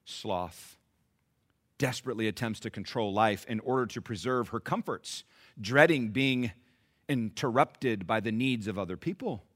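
A male pastor preaching an emphatic, deliberate sermon. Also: fairly low pitch, a bit bright.

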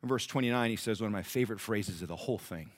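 A man preaching a sermon, telling a story with lively acted-out voices. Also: fairly low pitch, rapid-fire, dry recording. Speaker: pastor.

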